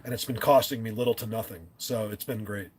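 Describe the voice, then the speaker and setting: A man hosting a live stream, chatting casually and rambling, often clearing his throat and restarting his sentences. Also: on the low side, a little fast, a little hiss or hum.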